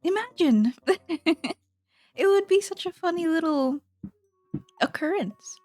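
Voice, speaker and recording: A woman's voice: very high voice, expressive, takes it slowly, a little mellow, no room sound. A woman streamer in casual, playful chat with her viewers, giggling often.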